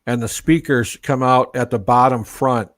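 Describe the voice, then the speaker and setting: A man's voice: medium pitch, fairly even intonation, moderate pace, no room sound. A man, a guest on a casual live stream, patiently explaining tech and spelling out names. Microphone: gaming laptop mic with headphones.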